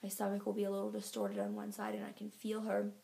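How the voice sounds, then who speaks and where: A woman chatting to her viewers in a casual vlog, her voice gravelly with vocal fry. She talks a little out of breath, rambling through her update with plenty of fillers. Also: medium pitch, completely flat delivery, quick pace, mellow. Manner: chatty, filler-heavy storytelling. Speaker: vlogger giving a pregnancy update. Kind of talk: casual chat to camera.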